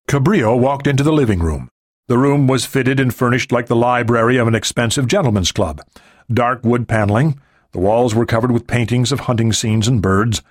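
A man narrating an audiobook in a steady, even storytelling voice. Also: mid-range voice, fairly quick, dry recording, clean studio sound. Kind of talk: scripted narration.

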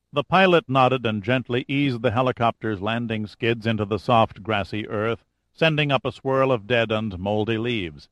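A man narrating an audiobook thriller in a steady, measured voice. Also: mid-range voice, no room sound. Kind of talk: scripted narration.

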